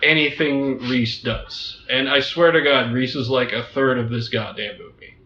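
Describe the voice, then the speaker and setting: A man co-hosts a film review podcast, dry and blunt, with a bright, edgy voice. His voice rings in an echoey room, and the sound is dull and lo-fi. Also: mid-range voice, fairly even intonation, moderate pace, a little hiss or hum. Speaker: podcast co-host. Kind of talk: casual film review chat.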